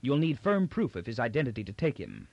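A man voicing a bold young man who stays steady and firm under threat, in a dull, dry recording. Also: mid-range voice, brisk, vocal fry, no echo, full character voice. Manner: steady, firm, calmly assertive. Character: bold young male trader, coolly defiant.

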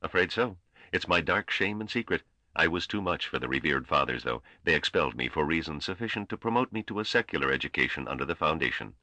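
Man reading a blunt, gruff veteran trader, extremely low voice, dry close sound. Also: animated, quick pace, sharp tone, dry recording, full character voice. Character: gruff seasoned male space trader.

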